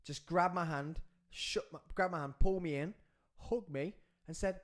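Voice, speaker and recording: Excitable man telling a story. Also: brisk. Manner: excitable, acts out the scenes with swings in pitch and loudness. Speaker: podcast host. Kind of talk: animated storytelling.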